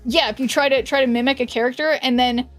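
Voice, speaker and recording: A woman's voice: high-pitched, steady tone, quick pace, faint music behind. A young woman streaming from her room, chatting casually and rambling with many fillers and frequent laughs. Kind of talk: casual livestream chat. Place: her hot bedroom with a fan blowing.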